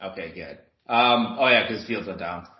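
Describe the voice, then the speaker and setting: A man's voice: deep voice, normal speed. Man, casual podcast co-host, swears, laughs often, muffled recording. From Milwaukee. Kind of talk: casual chat. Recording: dull lo-fi podcast audio.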